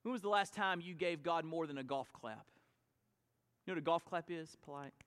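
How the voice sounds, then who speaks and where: A man preaching a sermon to his congregation as pastor, swinging from quiet asides to shouted emphasis. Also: a little high, moderate pace. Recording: long church hall reverb.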